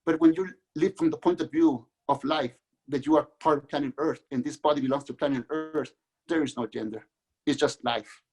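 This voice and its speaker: A middle-aged man from Mexico, a guest author, telling his own life story in an earnest, halting way with many restarts. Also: fairly high pitch, darkish tone, breathy edge. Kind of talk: candid personal storytelling.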